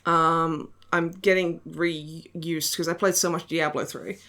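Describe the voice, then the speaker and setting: Podcast host, woman, bright and crisp voice, sardonic and giggly, swears freely. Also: low-pitched, flat delivery, slow pace. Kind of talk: casual chat.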